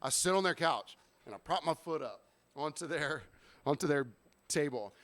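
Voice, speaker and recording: A man in a relaxed podcast chat tells a long story at an easy pace, often restarting his sentences. His voice sits a bit high. It is recorded dry and close to the mic. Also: normal speed, no room sound. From Savannah, Georgia. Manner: laid-back storyteller with frequent fillers and restarts. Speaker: podcast co-host.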